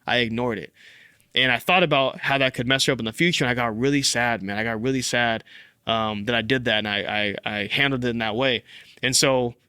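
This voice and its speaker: A young man hosting a fatherhood podcast, telling a personal story in casual, animated speech full of "like" and "bro.". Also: mid-range voice, fairly quick, clean tone, no echo, studio quality. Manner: animated, filler-heavy, says "like" and "bro" often. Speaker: podcast host.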